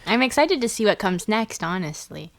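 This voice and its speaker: Lively young woman, giggly co-host. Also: medium pitch, normal speed, gravelly, no room sound. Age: 20s. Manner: giggly, encouraging listener. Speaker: podcast co-host. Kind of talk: casual chat.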